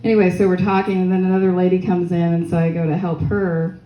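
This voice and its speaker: A woman's voice: on the low side, flat delivery, fast, muffled recording. A young woman doing a stand-up comedy set, crude, rambling and self-mocking, with audience laughter behind her. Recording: echoey room with faint noise.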